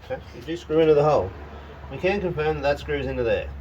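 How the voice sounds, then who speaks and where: A man's voice: a little high, expressive, fast, a little mellow, highs cut off, a little hiss or hum. Man muttering to himself in his shed. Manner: mutters to himself and talks to the parts as he works; wry, grumbling, self-mocking. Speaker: home mechanic and channel host. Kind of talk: casual workshop vlog, thinking aloud. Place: home shed or garage.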